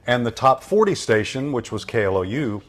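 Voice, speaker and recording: A man's voice: medium pitch, brisk. A man, a radio voice-over veteran casually telling stories about his career as a guest. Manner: relaxed storyteller acting out quoted voices. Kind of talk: casual storytelling interview.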